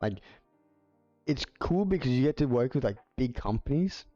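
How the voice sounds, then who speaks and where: A man's voice: medium pitch, lively intonation, moderate pace, dark tone, no room sound. A man chatting casually on a livestream, rambling along with lots of filler words. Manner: rambling, filler-heavy with many "like"s. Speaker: livestreamer and video editor. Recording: slightly dull audio with faint music.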